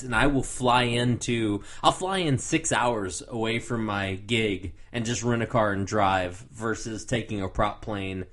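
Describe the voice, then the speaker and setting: A young man co-hosting a podcast, telling stories in casual chat and laughing easily. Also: mid-range voice. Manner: lively, laughing storyteller. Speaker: podcast co-host.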